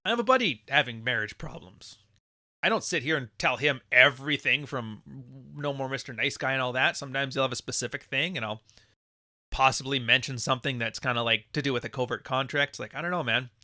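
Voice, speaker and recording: A man hosting a live stream, ranting and swearing as he mocks people. His voice is sharp and bright and sits at a middle pitch. The sound is dry and close, with no room echo. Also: brisk. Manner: profane, mocking, mimics others in high voices. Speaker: podcast host. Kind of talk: livestream podcast rant.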